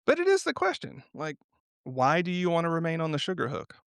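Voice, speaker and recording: A man talking as a guest in an unscripted podcast conversation, telling stories in a reflective but animated way and often laughing. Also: on the high side, fairly quick, creaky, clear, resonant tone, no echo, clean studio sound.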